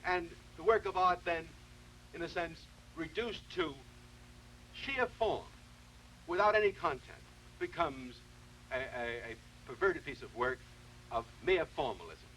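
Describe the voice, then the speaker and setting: A man giving a televised philosophy lecture, explaining in a measured, deliberate way and often restarting his sentences. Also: a little high, expressive, a bit bright, slight background noise, rough recording.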